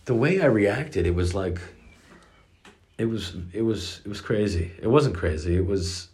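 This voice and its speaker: A man's voice: fairly low pitch, lively intonation, a little slow, darkish tone, soft background music. A middle-aged man casually telling a personal story about his daughters, rambling with many restarts and the odd curse.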